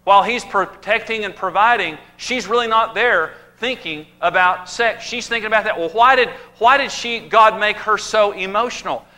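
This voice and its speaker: A man gives a humorous marriage talk with a high, bright voice. He tells lively stories and acts out the voices of the people in them. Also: moderate pace, hardly any pauses. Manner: animated storytelling, acting out quoted voices. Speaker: marriage teacher.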